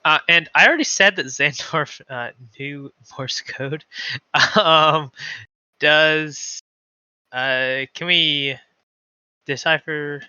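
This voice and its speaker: A man playing a tabletop game, speaking playfully with many halting restarts. His voice is very bright, smooth and fairly high. It comes through a dry, dull, lo-fi microphone. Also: no room sound. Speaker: player.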